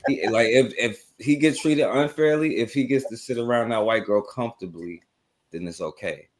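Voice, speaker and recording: A man's voice: medium pitch, normal speed. A man co-hosting a casual talk radio show, heated and emphatic, cussing as he makes his point. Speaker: co-host.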